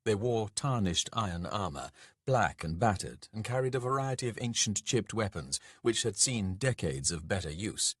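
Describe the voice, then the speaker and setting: A man narrating a dark fantasy audiobook in a measured, dramatic way. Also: lowish voice, sing-song, husky, dry recording, studio quality.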